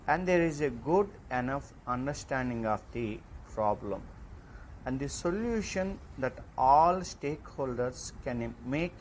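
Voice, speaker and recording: A man lecturing in an online class, reading slide points slowly and deliberately. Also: fairly high pitch, slight background noise, rough recording.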